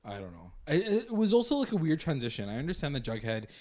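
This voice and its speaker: A man co-hosting a casual podcast, retelling scenes in animated quoted voices and laughing often. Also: fairly high pitch, fast talker. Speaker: podcast co-host. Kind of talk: casual chat.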